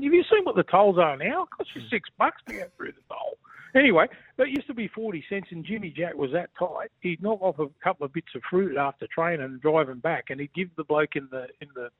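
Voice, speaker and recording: A man's voice: a little high, breathy edge, no room sound. An Australian man calling in as a guest, joking boisterously and calling everyone mate. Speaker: phone-in guest, former footballer. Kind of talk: casual banter. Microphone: phone. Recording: tinny phone line.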